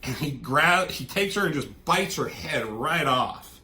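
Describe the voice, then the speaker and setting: A man's voice: on the high side, lively intonation, unhurried, pushed and bright. Casual rambling man recapping a comic. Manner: rambling, loosely quoting characters in offhand voices. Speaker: comic book reviewer.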